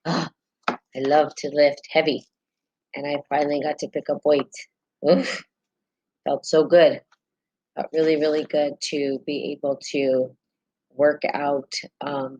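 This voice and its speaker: Low-voiced New Mexican woman live-streaming. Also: level tone, a little slow, pauses often, dark tone, breathy edge, muffled recording. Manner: chatty, greets viewers mid-sentence, many ums. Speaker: host of a spiritual live stream. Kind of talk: casual live-stream talk and reading aloud.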